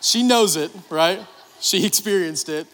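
A pastor in his thirties delivers a sermon at a measured pace, his high, slightly bright voice carrying a little hiss or hum. Recorded with long hall reverb in a church sanctuary, he shares personal stories in a chatty manner, often using "like" and asking "right?"

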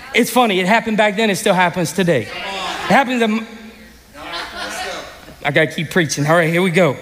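Male pastor, high voice, animated sermon with shouted peaks, recorded in a hall with long reverb. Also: a little hiss or hum. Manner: animated storytelling, bursts into shouts. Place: church sanctuary.

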